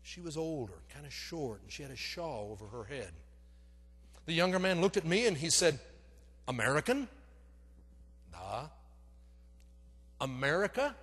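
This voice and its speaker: A middle-aged male pastor telling a personal story from the pulpit, animated and wry about his own blunders, his voice pitched fairly high. The sound carries a long reverb from the church sanctuary. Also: brisk, husky. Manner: animated, self-deprecating storytelling that acts out the scenes. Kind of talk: storytelling sermon.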